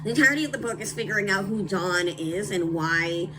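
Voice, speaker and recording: A woman's voice: medium pitch, animated, a little fast, noisy background. A young woman casually reviewing books, blunt and emphatic, with lots of "like" and "um". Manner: blunt, emphatic and candid, with frequent "like" and "um". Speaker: book reviewer. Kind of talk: casual book review chat.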